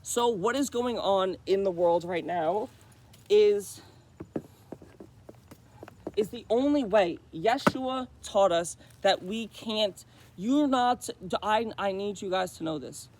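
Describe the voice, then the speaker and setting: A vlogger delivering a loud, impassioned spiritual monologue straight to camera, swearing freely, calling the listener bro and buddy, and repeating phrases for emphasis. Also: mid-range voice, takes it slowly, a little hiss or hum.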